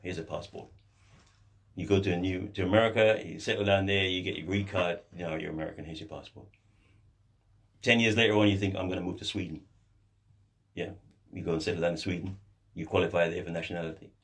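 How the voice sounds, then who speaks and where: A man's voice: deep voice, steady tone, fast. A man guesting on a radio talk show, patiently explaining ideas with examples like a teacher, his voice a little distant from the mic in a studio. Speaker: guest lecturer on African history.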